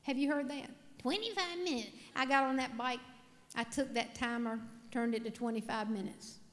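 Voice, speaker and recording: A woman's voice: on the high side, flat delivery, moderate pace, long reverb tail. A middle-aged woman giving a humorous keynote speech, telling folksy, self-mocking stories and putting questions to the audience. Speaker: motivational speaker. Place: large hall with a live audience.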